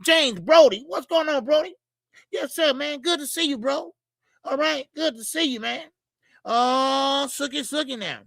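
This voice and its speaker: A man's voice: extremely high pitch, moderate pace, creaky, a bit bright, dry recording, clean studio sound. A man hosting a boxing live stream in loose, chatty, profane talk, greeting his viewers by name. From Chicago. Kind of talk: casual live-stream chat.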